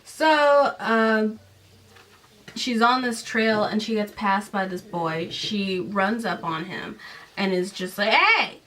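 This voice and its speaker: A woman in her late twenties or thirties hosts a podcast, casually recapping a book and throwing in sarcastic, animated, mocking asides. Her voice is medium-pitched and slow, and she sounds far from the microphone.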